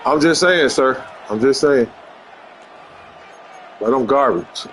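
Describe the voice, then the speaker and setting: A man's voice: medium pitch, takes it slowly, a bit bright, a little hiss or hum, poor audio. A man gaming and trash-talking his opponent in a brash, mocking way. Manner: brash, mocking, repetitive taunts. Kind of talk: casual trash talk while gaming.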